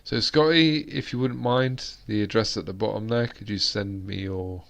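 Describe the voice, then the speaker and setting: A man's voice: on the low side, normal speed, vocal fry, fairly bright tone. A British man hosting a live-stream chat, rambling along with plenty of fillers and restarts. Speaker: host.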